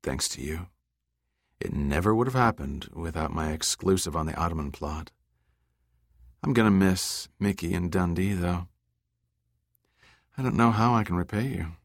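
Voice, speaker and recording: A man's voice: deep voice, normal speed, vocal fry, long pauses, dry recording, clean studio sound. A man voicing a confident, flirtatious woman journalist in an audiobook, with a teasing, lightly amused delivery. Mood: flirty. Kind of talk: audiobook dialogue reading.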